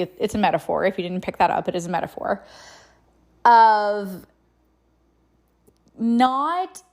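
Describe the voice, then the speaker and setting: A woman hosting her own podcast, telling a story in a chatty, conversational way. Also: medium pitch. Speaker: podcast host and farmer. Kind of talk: casual storytelling monologue.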